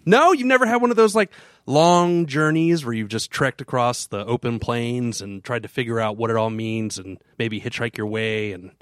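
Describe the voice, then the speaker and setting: A man's voice: mid-range voice, normal speed, no room sound, studio quality. A man hosting a casual podcast chat, telling a rambling story with many restarts. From Florida. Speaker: podcast co-host.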